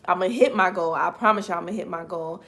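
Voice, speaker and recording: A woman in her thirties hosts a relaxed livestream, talking straight to her viewers and thanking them one by one. Her voice comes out slightly raspy and strained, with a lilt and easy laughs between the chatter. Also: on the low side, fast. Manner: chatty, greets viewers by name, laughs often. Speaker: livestream host. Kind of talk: casual livestream chat with viewers.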